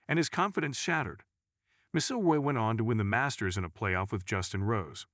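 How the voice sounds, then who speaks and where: Lively, low-voiced man narrating sports news. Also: no echo, studio quality. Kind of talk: scripted sports article narration.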